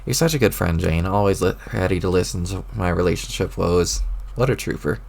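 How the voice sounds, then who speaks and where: A man reads a webcomic aloud, putting on a lowered, gravelly voice for a clueless young male adventurer who rambles and throws in old-timey folksy exclamations. His delivery is a little fast and his tone is darkish.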